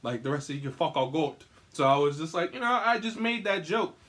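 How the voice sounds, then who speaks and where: A young man hosting his own podcast from a room at home, talking in a profane, animated and rambling way. He is still recovering from an illness and sometimes breaks into singing. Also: a little high, a little fast. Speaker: podcast host. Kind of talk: casual solo podcast monologue.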